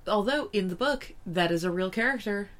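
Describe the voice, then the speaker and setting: Lively woman laughing on a podcast. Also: medium pitch, a little fast. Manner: laughs often, swears freely. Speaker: podcast co-host. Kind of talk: casual chat.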